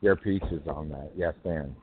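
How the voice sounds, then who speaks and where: Rambling deep-voiced man on a phone line. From North Carolina. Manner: rambling, halting with many fillers. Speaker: poetry radio show host. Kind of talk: casual call-in chat.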